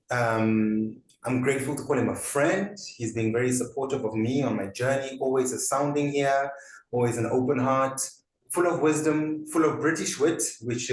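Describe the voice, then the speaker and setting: A man hosting an interview, effusive in his praise and quick to laugh. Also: mid-range voice, slight background noise. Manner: warm, effusive, laughs easily. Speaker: host. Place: indoor room, on a couch. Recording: roomy echo, faint ambience.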